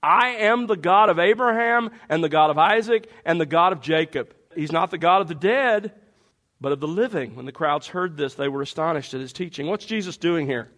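A man's voice: on the high side, moderate pace. A man preaching a sermon, walking listeners through passages and speaking to the congregation directly. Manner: animated expository preaching, addressing the congregation directly.

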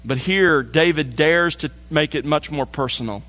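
A man delivers a measured expository sermon, slowing deliberately to stress each key phrase. His voice sits a little higher than most men's. The sound carries a long reverb, as in a large church hall. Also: sharp tone. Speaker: pastor.

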